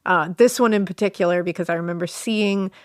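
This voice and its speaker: A woman's voice: fairly low pitch, a little fast, no room sound, clean studio sound. A woman co-hosting a true crime podcast, chatting casually in a rambling, giggly way. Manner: giggly, rambling, animated storytelling. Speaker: podcast co-host. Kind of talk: casual chat.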